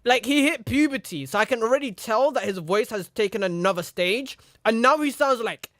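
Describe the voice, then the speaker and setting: A man's voice: very high voice, expressive, moderate pace, fairly bright tone, no echo, studio quality. A young man casually telling a rambling story, repeating "you know what I mean" and acting out the people in it. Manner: acts out the other people in his story. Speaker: streamer.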